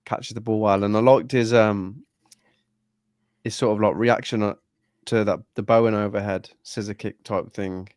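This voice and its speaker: A man's voice: lowish voice, steady tone, normal speed, darkish tone, no room sound, studio quality. A man chatting casually about football, swearing freely and restarting his sentences. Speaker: podcast co-host.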